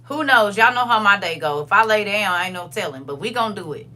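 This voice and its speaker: A woman's voice: medium pitch, expressive, quick pace, bright, forceful tone. An older woman hosting a casual livestream. She chats with her viewers, reads their comments aloud, and repeats phrases for emphasis. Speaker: livestream host.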